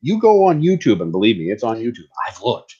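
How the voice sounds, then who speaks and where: A man's voice: medium pitch, wildly swooping pitch, fairly quick, dark tone, husky, highs cut off. A man in a casual chat, eagerly chiming in with details.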